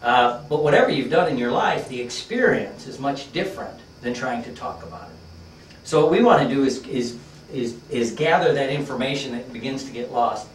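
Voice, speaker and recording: A man's voice: medium pitch, animated, normal speed, echoey room, recorded from a distance, a little hiss or hum, rough recording. A man teaching a workshop class, telling a story in a conversational, folksy way with lots of fillers. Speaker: workshop trainer.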